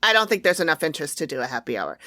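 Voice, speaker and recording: Woman host, lower voice, dry sound, long explaining turns. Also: big pitch swings, very fast, pushed and bright, no room sound. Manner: explains at length, acts out quoted exchanges. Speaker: podcast host. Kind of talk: casual chat.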